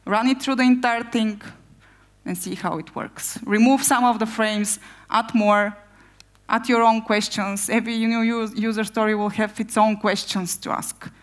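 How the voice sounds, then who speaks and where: Woman product owner, conference talk, energetic, heavy on rhetorical questions. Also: a little high, moderate pace.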